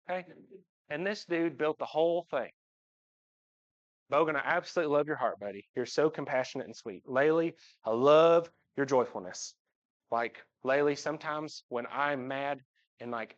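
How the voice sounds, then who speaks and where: A man in his thirties with a drawl speaks from the pulpit, mixing jokes with heartfelt praise for his family. His pitch sits in a middle range, and his voice jumps up when he acts out other people. The live church recording sounds slightly dull. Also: animated, normal speed. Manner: joking storyteller, voice jumps up when imitating. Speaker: church member speaking to the congregation. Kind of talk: heartfelt personal talk from the pulpit. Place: church sanctuary.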